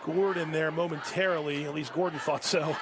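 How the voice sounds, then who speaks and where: A man calling a high school football game play by play, getting louder and higher on big plays. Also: fairly even intonation, a little fast, noisy background. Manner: rises sharply in pitch and volume on big plays. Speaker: play-by-play announcer. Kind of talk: live sports commentary. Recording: crowd and music behind. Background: crowd and music.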